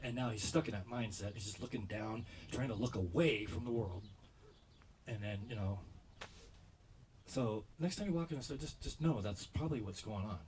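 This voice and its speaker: A man doing a stand-up routine, rambling and stammering as he tells stories, jumping into loud quoted voices. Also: fairly low pitch, normal speed, a little hiss or hum, rough recording. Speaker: stand-up comedian.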